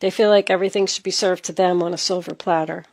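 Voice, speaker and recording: A woman's voice: on the low side, steady tone, fast, a little mellow. A woman giving a tarot reading, talking straight to the listener with emphatic, earnest delivery. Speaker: tarot reader.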